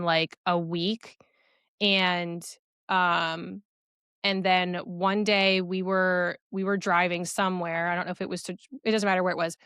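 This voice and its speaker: A young woman recounting a personal story as a podcast guest, earnest and quick, with many fillers. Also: on the low side, a bit bright, clear, resonant tone, no echo, studio quality.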